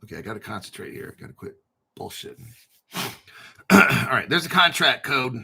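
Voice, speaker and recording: Bright, profane crypto host rambling. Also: male voice, medium pitch, wildly swooping pitch, normal speed, creaky, slightly rough. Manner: profane, joking, self-mocking and digressive. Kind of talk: rambling casual crypto livestream talk.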